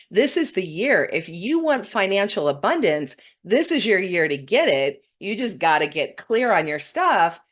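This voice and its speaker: A middle-aged woman hosting a spiritual talk, speaking earnestly and getting emotional when moved. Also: mid-range voice. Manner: earnest, warm-hearted, often tearful when moved. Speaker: spiritual teacher hosting a weekly broadcast. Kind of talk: heartfelt spiritual talk to viewers.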